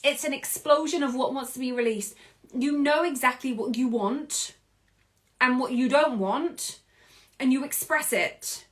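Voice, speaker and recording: A British woman in her thirties hosting a podcast, speaking in an expressive reflective monologue and often laughing. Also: high-pitched, a little slow. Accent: British English. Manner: expressive, acts out quoted voices, laughs often. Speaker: podcast host.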